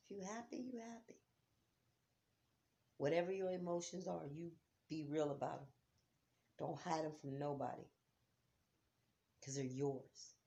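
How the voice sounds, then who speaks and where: A middle-aged woman talking at home about grief, heartfelt, dropping to near-whispers and rising to loud urging. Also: sits low. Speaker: vlogger. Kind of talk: emotional vlog talk. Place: home, on a couch.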